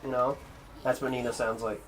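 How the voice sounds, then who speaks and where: A man's voice: mid-range voice, level tone, a little fast. Profane rambling male streamer. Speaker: streamer, speedrunner. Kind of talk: casual chat with stream viewers while gaming.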